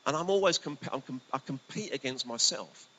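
A male pastor preaching a sermon in a conversational, storytelling way, his voice swinging between lively bursts and hushed asides. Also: medium pitch, normal speed, low-quality recording. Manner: conversational, animated, often drops to a hushed voice. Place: church hall. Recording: faint hiss.

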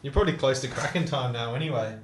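A young man hosting a casual podcast chat. He gets excited, swears a lot and laughs often. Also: medium pitch, fast, slight background noise. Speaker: podcast host. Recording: roomy echo.

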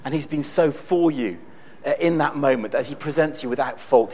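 A man preaching a sermon in a conversational, storytelling way with bursts of excitement. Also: a little high, moderate pace.

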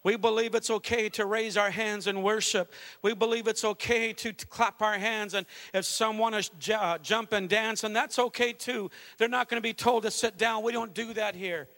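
A middle-aged pastor preaching a fervent sermon, mixing calls to worship with a conversational family story. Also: male voice, sits high, fairly even intonation, normal speed, few pauses, a bit bright. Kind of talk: Pentecostal sermon.

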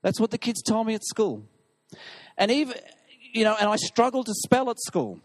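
A man's voice: high voice, very animated, moderate pace. A male pastor preaching an impassioned sermon, reading scripture with emphasis.

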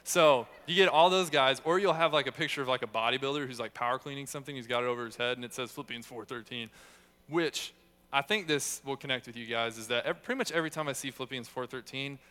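A man's voice: medium pitch, fast talker, pushed and bright. A young man giving a casual, conversational sermon, telling stories with self-deprecating humor. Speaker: youth speaker.

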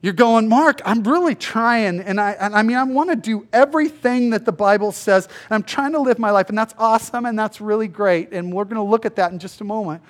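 A male pastor giving a conversational sermon, acting out the people in the story in quick voices. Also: high voice. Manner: conversational, acts out biblical dialogue in voices.

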